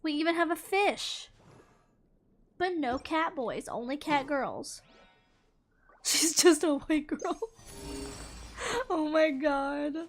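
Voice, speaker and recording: A woman's voice: high-pitched, expressive, takes it slowly, long pauses, faint music behind. A young woman streamer chatting casually over gameplay, bubbly and giggly, talking to her viewers. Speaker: gaming streamer.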